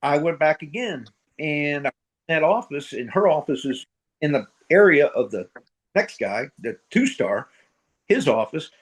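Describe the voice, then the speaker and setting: A middle-aged man from middle America, a retired Marine sergeant major, tells his stories bluntly and with plenty of swearing. His voice sits a little high, and he acts out every exchange. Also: expressive, measured pace, breathy edge. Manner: blunt, profane, acts out quoted dialogue. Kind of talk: casual storytelling interview.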